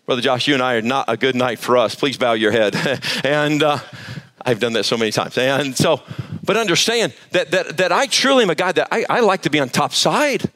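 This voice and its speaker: A pastor preaching to a live church service, emphatic and quizzing the congregation for answers. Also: male voice, fairly high pitch, fairly bright tone. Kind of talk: sermon.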